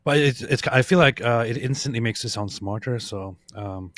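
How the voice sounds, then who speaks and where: A man's voice: mid-range voice, moderate pace, fairly bright tone. Easygoing man teasing on a livestream. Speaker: livestream guest. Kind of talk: casual livestream chat.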